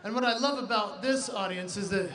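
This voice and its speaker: Man, stand-up storyteller, bright high voice, echoey hall, audible crowd noise. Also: a little fast. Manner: animated, acts out voices and mouth sounds. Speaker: stage performer at a benefit event. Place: large indoor event hall.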